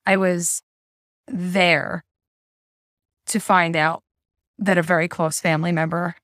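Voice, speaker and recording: Gentle, low-pitched woman podcast host. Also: flat delivery, slow, no echo, clean studio sound. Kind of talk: interview conversation.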